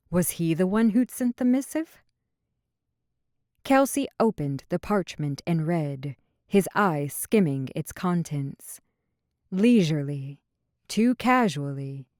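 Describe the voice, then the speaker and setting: A woman narrating a fantasy romance audiobook in an even, measured reading. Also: low-pitched, no room sound, clean studio sound. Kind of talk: scripted narration.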